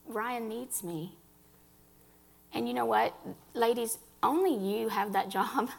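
An earnest woman gives a personal faith testimony to a gathering of women, speaking right to them. Her voice carries a gravelly fry, and she restarts phrases as she talks. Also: mid-range voice. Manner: earnest, addresses listeners directly, restarts phrases.

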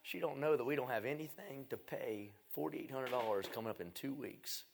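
A middle-aged man preaching a revival sermon. His voice has a gravelly edge and sits at an ordinary pitch. He tells his story in a folksy, self-mocking way, one moment loud and the next hushed. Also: a little fast, a little hiss or hum. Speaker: evangelist.

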